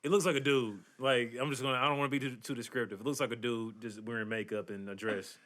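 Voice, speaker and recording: A man's voice: mid-range voice, steady tone, quick pace, a bit bright. A man co-hosting a casual podcast, recapping a show in a rambling way with lots of fillers. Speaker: podcast co-host. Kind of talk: casual chat.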